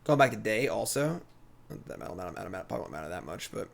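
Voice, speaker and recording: A man streaming a digital card game, thinking aloud in a relaxed, chatty commentary. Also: lowish voice, rapid-fire, vocal fry.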